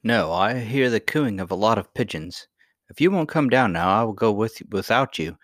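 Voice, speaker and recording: A man playing a gruff, sulky boy. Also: lowish voice, expressive, normal speed, a bit bright, dry recording, clean studio sound, voice pushed up. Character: gruff, stubborn miner boy.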